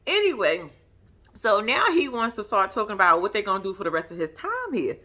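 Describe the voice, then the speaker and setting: A woman's voice: medium pitch, very animated, fairly quick, pushed and bright. A woman casually recapping a reality show, chatty, blunt and profane, laughing often.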